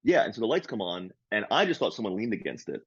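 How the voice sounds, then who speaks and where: Talking fast with a breathy edge, a low-voiced comedian who co-hosts a podcast tells an animated story in casual chat. He loudly acts out what the people in it said, and the recording is dry and muffled.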